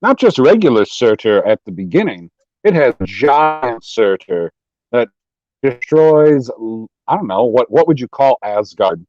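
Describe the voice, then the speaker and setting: A man co-hosting a live pop culture stream, chatting casually with excited swearing. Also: mid-range voice, measured pace, dull audio. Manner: excitable, profane.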